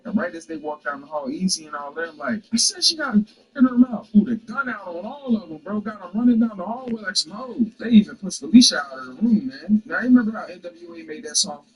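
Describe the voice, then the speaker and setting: A man's voice: sits high, brisk, low-quality recording. Guy on a gaming channel telling a story all slangy, bouncy up and down voice. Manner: slangy, animated, acts out characters. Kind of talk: casual comedic story retelling.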